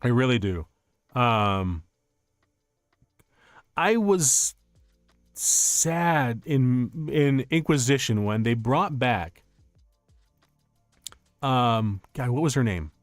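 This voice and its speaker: A young man streaming casual chat, telling stories in an animated, rambling way with many restarts. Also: medium pitch, extremely slow, pauses often, dry recording, clean studio sound, faint music behind.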